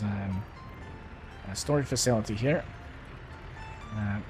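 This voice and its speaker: A man livestreaming a city-building game, talking casually and hesitantly as he thinks aloud. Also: lowish voice. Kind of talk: casual gameplay commentary.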